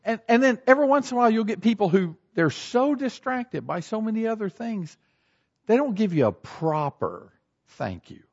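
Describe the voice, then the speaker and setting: A man preaching a sermon as a pastor, animated and acting out everyday scenes in shifting voices. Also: sits high, moderate pace, muffled recording.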